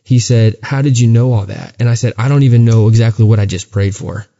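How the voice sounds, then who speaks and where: On a muffled recording, a male co-host with a mellow mid-range voice talks a little fast. His podcast chat is an earnest, casual account of his faith, full of stumbles and restarts.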